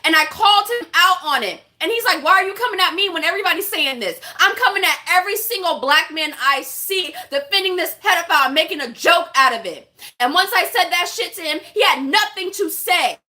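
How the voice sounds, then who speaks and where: A woman with a high voice and a bright, forceful tone delivers a vlog rant to her viewers. She talks bluntly and with passion and swears freely. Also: animated, moderate pace. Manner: impassioned, blunt, profane. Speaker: vlogger. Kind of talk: casual vlog rant to camera.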